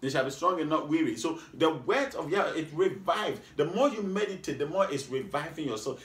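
A man's voice: a little high, lively intonation, brisk, hardly any pauses, a bit bright, roomy sound. A man preaching a sermon, reading scripture aloud and repeating key lines, prompting listeners with questions like "what?". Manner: rhythmic, repeats lines, asks the congregation what. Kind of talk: sermon with call and response.

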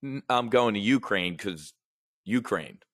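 Man, show host, low voice, dry close sound, rambling, profane, casual commentary. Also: lively intonation, a little slow, a bit bright, dry recording. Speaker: options trading show host. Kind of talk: casual market and news commentary.

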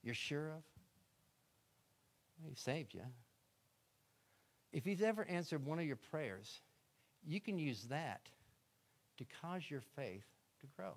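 A man preaching a sermon as a guest, telling Bible stories in a folksy way and swinging between loud and hushed delivery. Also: fairly high pitch, lively intonation, slow, pauses often. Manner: folksy storytelling, acts out voices in retold scenes; swings from loud to soft, drops to a hush.

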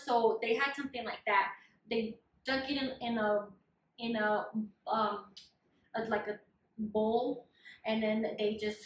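A woman with a fairly high voice tells her story in close detail, chatty and often laughing. The sound comes from a roomy, echoey space. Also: fairly bright tone, a little hiss or hum. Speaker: vlogger sharing her surgery experience. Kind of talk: casual storytelling chat. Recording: echoey room.

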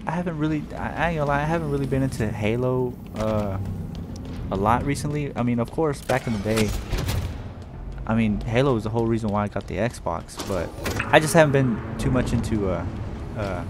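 A man hosting a gaming channel, talking casually as he plays and breaking into loud exclamations and slang. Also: medium pitch, brisk, noisy background. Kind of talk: casual gameplay commentary. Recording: loud game music behind the voice.

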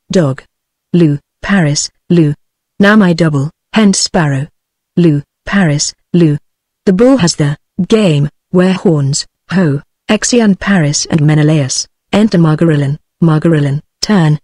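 A text-to-speech voice of a British woman reading a play aloud, announcing the speaker names and stage directions in the same even tone. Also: deep voice, no room sound. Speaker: audiobook reader.

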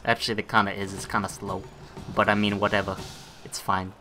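A man's voice: lowish voice, level tone, a little fast, sharp tone, a little hiss or hum. A young man giving casual let's-play commentary, laughing and swearing freely as he plays. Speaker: gameplay commentator.

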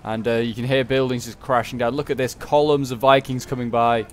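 A man talks through a strategy game battle in a casual, chatty way, often correcting himself and drifting into asides. His voice sits at an ordinary middle pitch. Faint game music runs underneath. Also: level tone, fairly quick. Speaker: gaming video creator. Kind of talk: casual gameplay commentary.

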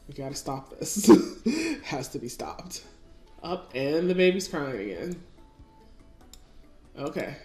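A woman's voice: lowish voice, animated, a little slow, a little mellow. Chatty woman narrating gameplay. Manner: chatty, talks to her game characters. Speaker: let's-play gamer. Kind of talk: casual gameplay commentary. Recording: echoey room with faint music.

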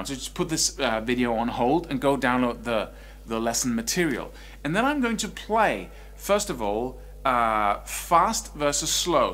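A man teaching an online guitar lesson, explaining expression in a lively, conversational way. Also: medium pitch, slight background noise. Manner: animated, swings between quiet and loud speech to demonstrate.

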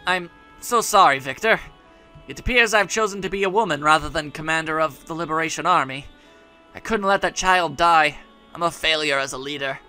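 A man voicing a dying woman rebel leader, calm and resolute, in a quiet, measured, solemn read. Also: on the high side, soft background music, pitched below the performer's own voice. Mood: solemn, resigned.

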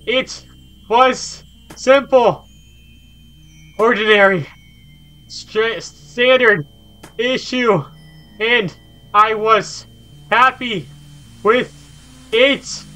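A man voicing an angry teenage girl in a game he is reading aloud, shouting. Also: very slow, pauses often, soft background music, exaggerated voice, rough recording. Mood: furious. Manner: shrill, shouting. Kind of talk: dramatic visual novel voice acting.

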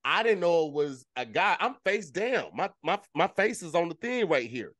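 A man's voice, fairly high for a man, recorded close and dry with no room sound. He talks in loose, slangy banter and spins a funny anecdote for his co-hosts. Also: sing-song, moderate pace, a bit bright, dry recording. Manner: storytelling, joking, slangy. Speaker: podcast co-host. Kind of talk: casual group banter.

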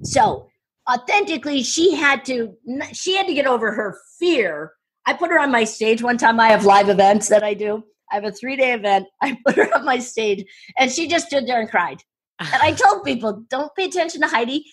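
A woman speaking coach telling stories in an interview, excitable and full of quick restarts and asides. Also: fairly high pitch, husky. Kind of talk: enthusiastic interview storytelling.

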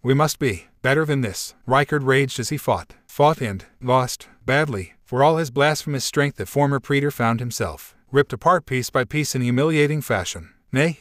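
A man reading scripted fanfiction narration in an even, steady way. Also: mid-range voice, dry recording, clean studio sound.

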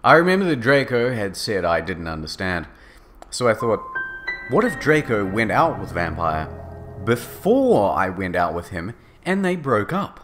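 A man's voice: lowish voice, sing-song, unhurried, a bit bright, soft background music. Man reading with mock-earnest exaggeration. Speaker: narrator. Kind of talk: comedic dramatic reading.

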